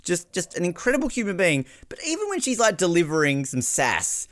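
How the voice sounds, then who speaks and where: A man co-hosting a casual podcast about a reality show, talking in an animated way and acting out quotes. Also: high-pitched, no room sound, clean studio sound. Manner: animated, quick to act out quotes. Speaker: podcast co-host. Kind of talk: casual chat.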